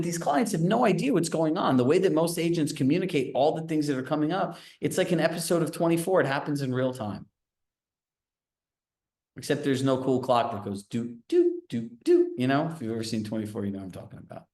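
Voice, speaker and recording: A man coaching sales agents at a training session, animated, telling stories and asking the audience questions. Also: fairly high pitch, a little fast. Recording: roomy echo.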